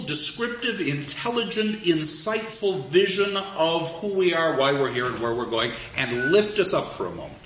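A man with a slightly high voice lectures on poetry in a measured, thoughtful way, pausing and slowing down for emphasis. The recording is roomy and a little dull, with faint noise in the background. He sounds like a reflective teacher. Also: a bit bright. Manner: measured, thoughtful, with deliberate pauses and slowed emphasis.

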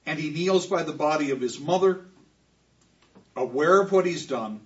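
Expressive high-voiced male lecturer. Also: normal speed, recorded from a distance, dull audio. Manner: expressive, with emphatic repetitions. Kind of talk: classroom lecture.

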